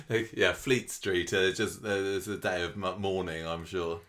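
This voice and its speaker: Deep-voiced man with dry asides. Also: slow, a bit bright. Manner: dry, wry asides and tag questions. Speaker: podcast co-host. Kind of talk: casual chat recapping a soap.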